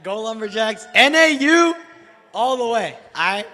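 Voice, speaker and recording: A hoarse man announcing contest winners at a banquet, joking and hyping up the crowd. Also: sits high, animated, measured pace, bright, forceful tone, long reverb tail. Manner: joking, playful, hypes the crowd. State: hoarse from losing his voice. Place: large banquet hall.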